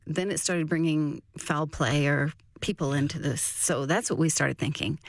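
A woman recounting a family rescue story in a halting, conversational way. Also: low voice, no echo, clean studio sound. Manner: halting, many restarts and fillers. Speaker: interviewee telling a rescue story. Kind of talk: personal storytelling.

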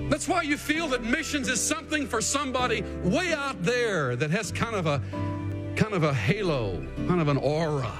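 A high-pitched, highly animated male pastor delivering a sermon at an unhurried pace. His voice leaps and drops as he moves from hushed asides to ringing declarations. The sound carries the long reverb of a large hall, with faint music beneath. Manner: dramatic, swings from hushed to shouting.

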